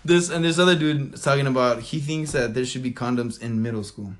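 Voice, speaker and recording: A man's voice: medium pitch, a little fast, fairly bright tone. A young man co-hosting a casual podcast, rambling with lots of fillers and frequent laughter. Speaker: podcast co-host.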